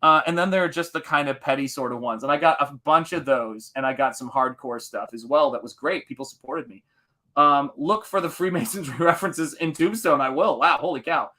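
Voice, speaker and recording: Bright-voiced man chatting on a live stream. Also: a little high, brisk. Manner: rambling, animated, quotes movies in put-on voices. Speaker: live-stream host painting comics. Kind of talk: casual chat reading viewer comments.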